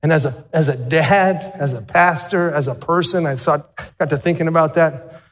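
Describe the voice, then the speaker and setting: A middle-aged man preaches from the pulpit in a high-set voice, animated and quick to turn questions on his congregation. His words ring out with the long reverb of a large sanctuary. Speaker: pastor. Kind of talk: sermon.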